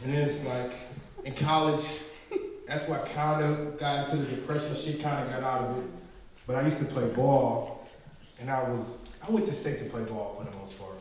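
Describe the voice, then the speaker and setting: A man's voice: mid-range voice, steady tone, moderate pace, a little mellow, slight background noise. A young man in his twenties doing a profane stand-up comedy set, telling stories and acting out his friends' voices. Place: small indoor venue. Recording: echoey room picked up from a distance.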